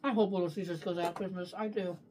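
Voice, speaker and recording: A woman's voice: lowish voice, fairly even intonation, racing, warm tone, a little hiss or hum. A woman reviewing takeout food on camera in a casual, profane way, talking while she eats and ranting freely. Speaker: food vlogger.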